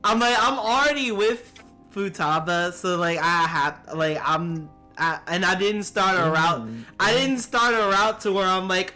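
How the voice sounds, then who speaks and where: A young man in casual live game commentary, swearing a lot, his pitch jumping up when flustered. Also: lively intonation, measured pace, sharp tone, soft background music. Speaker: game streamer.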